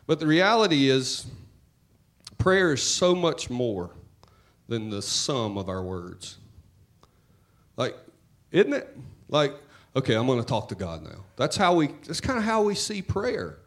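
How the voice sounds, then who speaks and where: A man preaching a sermon in church, talking to the congregation in a conversational, joking way and swinging between loud and hushed. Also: medium pitch. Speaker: pastor.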